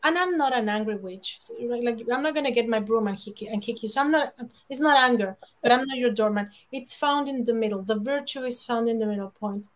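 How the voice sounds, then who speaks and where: A woman giving public speaking advice in an emphatic, animated way, often laughing and acting out quoted lines. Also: on the high side, a little fast. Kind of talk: lively conversational advice.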